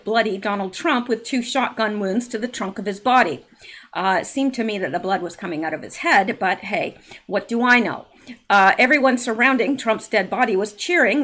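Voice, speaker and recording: A woman with a slightly high voice delivers solo political commentary. She reads news items aloud and breaks in with sarcastic asides, many fillers and now and then a cleared throat. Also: fairly bright tone. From Canada.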